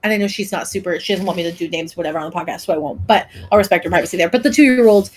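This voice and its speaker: A young woman co-hosting a casual podcast, telling stories in an animated way, full of "like" and "um". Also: lowish voice, very fast, husky. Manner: animated storyteller, many "like" and "um" fillers. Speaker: podcast co-host. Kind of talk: casual chat.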